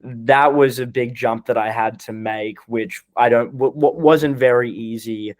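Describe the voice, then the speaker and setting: Young guy on a podcast, halting and restarting a lot, smooth clear voice, dry. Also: medium pitch, fairly even intonation, dry recording. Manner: hesitant, full of restarts. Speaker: guest being coached. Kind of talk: casual podcast conversation.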